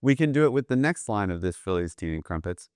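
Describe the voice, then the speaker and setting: A man teaching jazz drumming in a relaxed, explanatory way, often checking in with "right?". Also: lowish voice, fast talker, clean tone, dry recording, studio quality. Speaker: drum teacher. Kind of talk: casual instructional talk.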